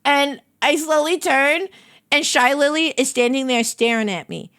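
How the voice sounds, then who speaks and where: A woman with a high voice chats to her stream about her day, acting out little quotes as she goes. The sound is dry and close, with no room around it. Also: a little slow, dry recording. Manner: animated anecdote telling with acted-out quotes. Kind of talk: casual storytelling to stream chat.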